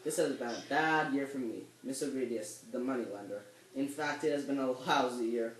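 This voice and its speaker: A young man reading a play script aloud for a class, animated and now and then stumbling over words. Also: mid-range voice, moderate pace, far from the mic, slight background noise. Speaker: student reader. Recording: echoey room, voice a bit off the mic.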